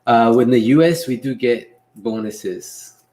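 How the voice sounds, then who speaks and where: A young man hosting a casual livestream Q&A, reading chat messages aloud and answering in a relaxed way with frequent laughs. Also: mid-range voice, a little slow. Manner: laid-back, reads chat aloud, laughs often. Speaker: livestream host and delivery driver.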